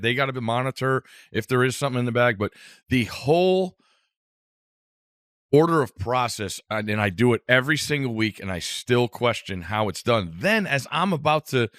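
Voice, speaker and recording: A man's voice: mid-range voice, a bit bright, no echo, clean studio sound. A man co-hosting a podcast, telling a rambling, self-amused travel story in casual chat.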